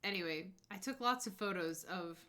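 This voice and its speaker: A young woman streamer chatting casually over her travel photos, bubbly and gushing, breaking into excited squeals. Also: mid-range voice, normal speed.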